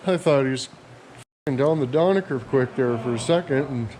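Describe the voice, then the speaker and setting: A man's voice: medium pitch, moderate pace, long pauses, low-quality recording. A man vlogging casually about fixing engines, joking and rambling with some swearing. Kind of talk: casual garage chat. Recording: loud outdoor noise.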